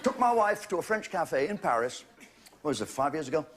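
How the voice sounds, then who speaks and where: A man, hosting a stand-up routine and mocking his targets in quick runs that build to punchlines. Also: a little high, big pitch swings, heavy background noise. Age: 60s. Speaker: comedian host. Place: TV studio with a live audience. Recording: loud audience laughter behind. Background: audience laughter.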